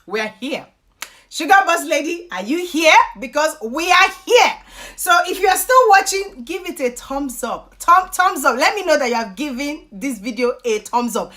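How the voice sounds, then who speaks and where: Bright, lively Nigerian woman streamer. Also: high-pitched. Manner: animated, chatty, slips into pidgin and laughs often. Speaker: YouTube host and life coach. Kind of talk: live-stream chat reading viewer comments.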